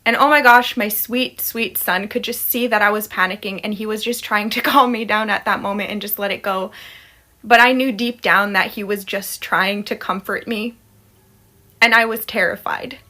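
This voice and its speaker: A woman's voice: mid-range voice, steady tone, normal speed, sharp tone. A woman in her thirties telling a scary personal story in a casual, dramatic way, acting out her own panic. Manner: dramatic, acts out her panic and quotes her toddler.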